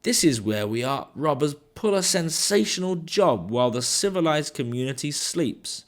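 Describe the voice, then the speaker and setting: A man's voice: on the high side, animated, normal speed, voice pushed up, close to an everyday voice. Man putting on a smug thief, raised tone. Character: boastful grown male art thief, Luther.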